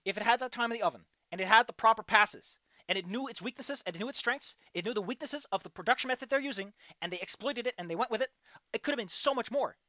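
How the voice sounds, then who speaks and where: A woman streamer giving a casual, frustrated, ranting critique of a game, with animated outbursts. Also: on the high side, fast, no echo, clean studio sound. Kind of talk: casual livestream commentary.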